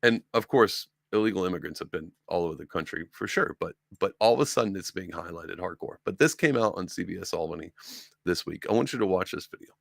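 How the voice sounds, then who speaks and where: A young man from upstate New York with a low, gravelly voice talks through the news in a loose, rambling way. He slips into mocking voices of the people he talks about. His voice sounds dry and close, with no room around it. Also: lively intonation, fast, no room sound. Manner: rambling, conversational, mocking impressions of others. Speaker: podcast host. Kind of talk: casual political commentary.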